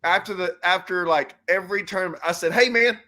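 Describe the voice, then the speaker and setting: A man hosting a laid-back chat, with a sharp, forceful voice pitched a bit high. He jokes loosely and retells his own side of the story in quoted lines. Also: level tone, brisk. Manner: loose, joking, quotes himself in stories. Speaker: host and pro angler. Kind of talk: casual chat.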